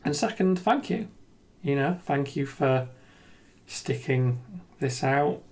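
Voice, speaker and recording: Expressive and slow, with a mid-range, darkish voice, a gaming video creator gives an unscripted, reflective monologue. Earnest and self-deprecating, he hesitates with lots of ums and false starts.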